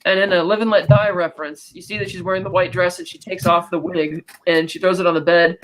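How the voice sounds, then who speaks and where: A man with a notably high voice chats casually on a podcast. He retells movie scenes in a loose, rambling way, full of filler words. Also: level tone, a bit bright, a little hiss or hum, low-quality recording. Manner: retells scenes quickly with many "you know" fillers. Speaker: podcast co-host. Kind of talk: casual film recap chat.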